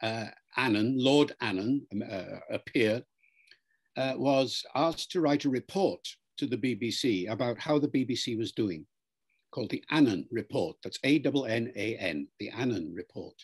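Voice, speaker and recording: An older man with a medium-pitched, slightly rough voice answers an interviewer's questions. The linguist speaks in a measured, lecturing manner, spelling out words and demonstrating how they're pronounced.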